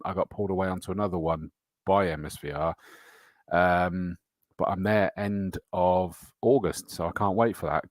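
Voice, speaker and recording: A middle-aged English man with a lowish voice chats through a live show, greeting viewers by name and filling gaps with ums and laughs. His comes through in the matey banter. The sound is close and dry, with no room echo. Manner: chatty and matey, frequent fillers and laughs. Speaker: host of a motorsport livestream show. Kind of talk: casual live-stream chat reading viewer comments.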